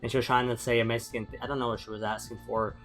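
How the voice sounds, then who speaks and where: A man's voice: medium pitch, flat delivery, rapid-fire, fairly bright tone, soft background music. A man chatting casually as co-host, telling a loose rambling anecdote. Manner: rambling, many fillers and restarts. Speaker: podcast co-host. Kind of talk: casual banter.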